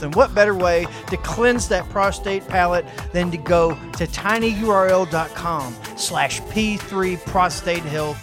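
A man with a high voice reads the pitch for a crude comic ad, joking and irreverent. Music plays beneath him. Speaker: co-host of a radio ad spot. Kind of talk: comedic ad read with retakes. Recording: music playing behind.

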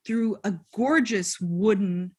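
This is a woman co-hosting a podcast in casual chat. She retells a film's story with lively energy and slips into quick impressions of the characters. Her voice sits at an ordinary middle pitch. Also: slightly rough. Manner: animated storyteller, acts out quotes. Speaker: podcast co-host. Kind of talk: casual film recap chat.

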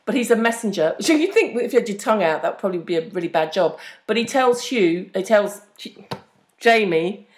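Dry, teasing woman, mid-pitched. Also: animated, brisk. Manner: dry, teasing, recaps plot. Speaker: podcast co-host. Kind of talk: casual chat.

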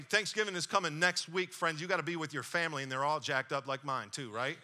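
A man's voice: on the high side, quick pace, few pauses, bright, forceful tone. A man preaching a sermon as pastor, calling out to the congregation and slipping into joking asides.

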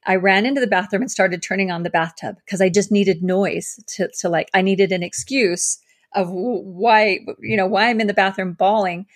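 A woman sharing her personal story as an interview guest, earnest and halting, with many fillers and restarts. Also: medium pitch, steady tone. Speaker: guest, survivor advocate.

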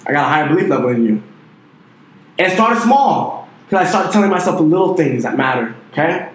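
A man's voice: fairly high pitch, expressive, fairly quick. Fired-up young man ranting in an echoey room. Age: 20s. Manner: intense, profane and emphatic, with repeated "dude" and "you know". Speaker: motivational online entrepreneur. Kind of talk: fired-up motivational rant.

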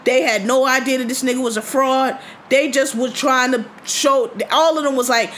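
A high-pitched woman hosts a casual podcast. She tells a story in blunt, profane, indignant speech. A faint hum of ambience sits behind her voice. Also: steady tone, normal speed, a bit bright. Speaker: podcast host.

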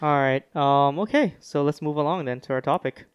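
A man's voice: a little high, fairly quick, highs cut off. A man hosting a movie review podcast in casual chat, easygoing and keeping the talk moving. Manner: easygoing, steers the talk along. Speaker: podcast host running the segments.

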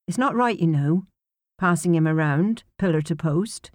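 A woman's voice: fairly low pitch, moderate pace, dry recording, clean studio sound, close to an everyday voice. A woman reading an audiobook, voicing a worried, disapproving mother who scolds her daughter. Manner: fretful and reproving.

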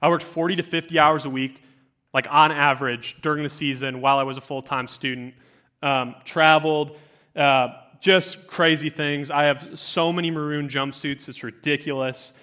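A man in his twenties giving a youth sermon, telling stories to high schoolers with lots of fillers and animated asides. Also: normal speed. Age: 20s. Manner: animated storytelling, many fillers. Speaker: youth speaker.

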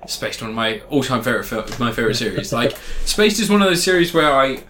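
A man's voice: medium pitch, big pitch swings, quick pace, bright, forceful tone, a little hiss or hum. Jokey man rambling. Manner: rambling, jokey, laughs often, swears. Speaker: podcast co-host. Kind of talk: casual chat.

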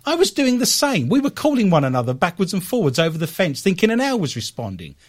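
A man's voice: high voice, huge pitch swings, quick pace. A man co-hosting a casual comedy podcast, joking and laughing often as he tells stories and reads news items. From Britain. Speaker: podcast co-host.

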